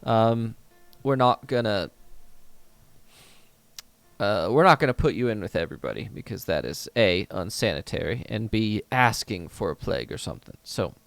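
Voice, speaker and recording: A man's voice: on the low side, big pitch swings, normal speed, creaky, no echo. A man narrating as game master of a tabletop game, rambling along with many fillers.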